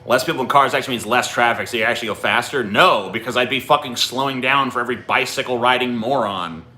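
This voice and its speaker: Guy ranting at his stream chat, swearing nonstop, sharp bright voice. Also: medium pitch, fast talker. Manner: profane, combative ranting at chat. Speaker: livestream host. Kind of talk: ranting livestream commentary.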